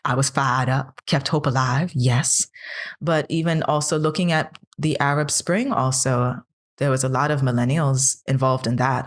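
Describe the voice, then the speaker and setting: A woman in her thirties with a notably low voice, chatting on a podcast. She talks earnestly and keeps pressing questions, building steam as she goes. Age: 30s. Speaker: podcast co-host. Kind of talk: casual chat.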